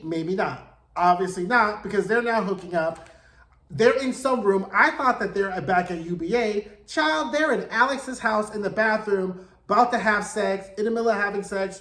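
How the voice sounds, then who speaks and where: A man hosting a casual, chatty TV recap, telling the plot in a gossipy, animated way with slangy asides. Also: high voice. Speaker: TV recap host. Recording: roomy echo.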